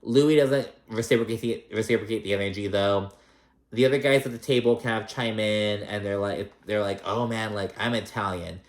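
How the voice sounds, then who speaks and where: A man's voice: on the low side, fairly quick. A man casually recapping a reality show, swearing freely and acting out what the cast members said. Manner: profane, animated, acts out quotes. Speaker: host. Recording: echoey room.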